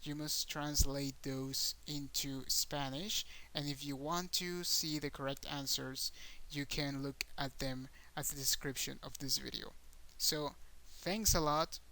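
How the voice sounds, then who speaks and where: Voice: mid-range voice, steady tone, a little slow, pushed and bright, poor audio. A patient teacher walks through an online Spanish lesson, saying each example word twice. Syllables get stressed on purpose to show the pronunciation.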